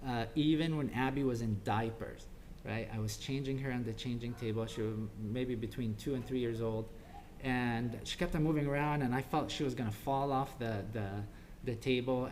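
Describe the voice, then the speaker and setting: Male speaker, informal church talk; hesitant, restarts often, ordinary pitch, light noise floor. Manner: halting, many ums and restarts, acts out quotes softly.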